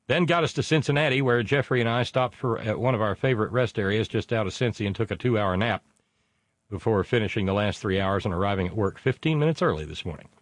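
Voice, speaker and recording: A man's voice: on the low side, fast, dry recording, clean studio sound. A man hosting a casual political talk show, reading out listener messages in a rambling, sardonic way with many fillers.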